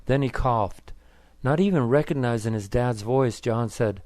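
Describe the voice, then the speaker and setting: Male narrator, mid-pitched voice, plain even storytelling, dry close sound. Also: moderate pace, no echo. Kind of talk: scripted story narration for English learners.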